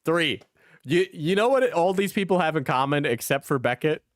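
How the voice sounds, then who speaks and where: A man's voice: fairly high pitch, lively intonation, normal speed, no echo, studio quality. A man reacting live to commentary videos on his stream, blunt and profane and laughing often.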